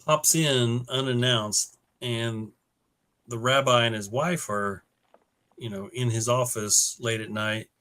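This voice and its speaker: A man's voice: mid-range voice, steady tone, slow, sharp tone. A man co-hosting a comic book podcast, earnestly recapping the plot with many "you know"s. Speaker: podcast co-host. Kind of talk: casual comic book discussion.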